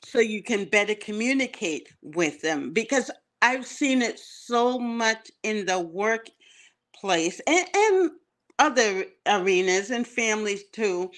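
Earnest woman coach, mid-pitched voice. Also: fairly bright tone. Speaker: leadership coach and minister. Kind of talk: conversational interview.

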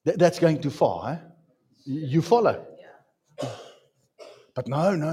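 A man's voice: on the high side, very animated, slow, pauses often, warm tone, slightly rough. A man preaching a sermon in an emphatic way, repeating phrases and asking his listeners questions.

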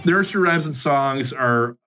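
A man's voice: mid-range voice, normal speed, bright, forceful tone. A man co-hosting a casual podcast about music, playful and self-mocking. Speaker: podcast co-host.

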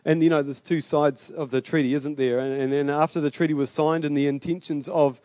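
A man's voice: fairly high pitch, steady tone, brisk, a little mellow, dry recording. A middle-aged man with a New Zealand accent preaching a sermon as pastor, chatty and rambling with fillers and restarts.

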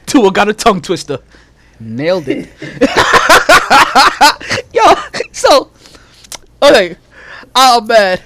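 Animated trash-talking man, lively pitch. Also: very slow, pauses often, slightly rough. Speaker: podcast host. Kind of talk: casual sports chat.

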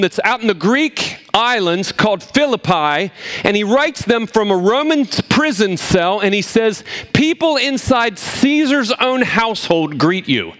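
A man preaching a sermon, animated, swinging between emphatic points and low, quiet asides. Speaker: pastor.

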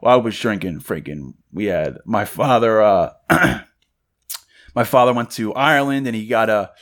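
A young man co-hosting a podcast, telling a story in a loose, animated way and acting out the voices of the people in it. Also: lowish voice, normal speed. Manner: loose and conversational, many fillers. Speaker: podcast co-host. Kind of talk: casual storytelling chat.

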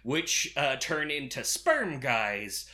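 A man's voice: medium pitch, very animated, takes it slowly, sharp tone. A man recapping a movie plot in casual, crude, sarcastic podcast chat. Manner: sarcastic, crude, laughing often.

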